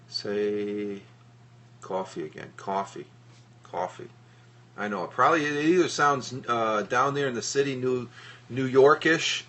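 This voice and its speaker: A middle-aged man from the northeastern US chats casually on a live stream from his home computer desk, rambling with many fillers and restarts. His fairly low voice sounds pushed and bright, captured on a tablet microphone with slight background noise.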